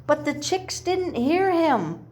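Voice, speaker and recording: A woman reading a children's picture book aloud, unhurried and sing-song, with her voice sitting slightly high. She breaks off now and then for chatty asides about the pictures. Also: sing-song, a little mellow. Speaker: storyteller.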